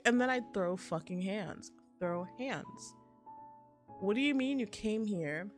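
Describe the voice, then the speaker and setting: A woman's voice: mid-range voice, animated, slow, soft background music. A young woman streamer giving casual game commentary, with swearing, exasperated rants.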